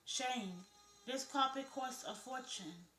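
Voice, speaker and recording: A woman's voice: high-pitched, slow, sharp tone, slight background noise, full character voice. A woman reading the lines of a gossipy, talkative man with a southern drawl, in a roomy-sounding recording. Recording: roomy echo.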